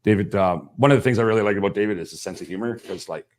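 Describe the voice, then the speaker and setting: A man's voice: fairly low pitch, racing, slight background noise. A man hosting a live podcast stream in loose, jokey banter, swearing freely. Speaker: podcast host. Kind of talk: casual live-stream chat.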